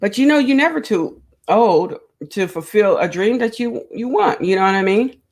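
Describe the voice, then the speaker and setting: A woman's voice: mid-range voice, animated, moderate pace, a little mellow. Chatty lady on a craft livestream talking to her viewers, laughs a lot. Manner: chatty, reads viewer comments aloud. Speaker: crochet livestream host. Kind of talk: casual livestream chat.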